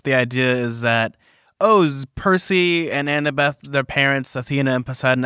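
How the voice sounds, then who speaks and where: A man co-hosting a casual book podcast, talking in an animated, jokey way. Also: a little high, clear, resonant tone, no echo, clean studio sound. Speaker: podcast co-host.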